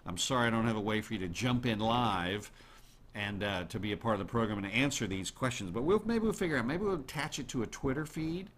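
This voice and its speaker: A man hosting a show, chatting casually to his listeners in an animated way and throwing questions at the audience. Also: fairly low pitch, fairly quick. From United States. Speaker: radio show host.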